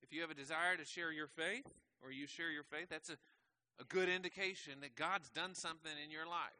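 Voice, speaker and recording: A man's voice: on the high side, steady tone, fairly quick, pushed and bright. A man preaching a conversational sermon to a church congregation, asking rhetorical questions. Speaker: pastor.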